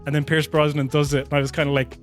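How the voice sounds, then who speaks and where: A man's voice: a little high, flat delivery, fast, faint music behind. A man co-hosting a podcast, talking through a film in a rambling, laughing way with lots of restarts. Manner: rambling, self-interrupting, laughs often. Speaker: podcast co-host. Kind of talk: casual film discussion.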